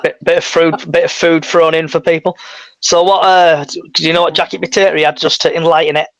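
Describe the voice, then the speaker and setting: A man's voice: on the high side, flat delivery, brisk, dull audio. A man co-hosting a casual football fan podcast, leading the chat with questions. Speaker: podcast co-host.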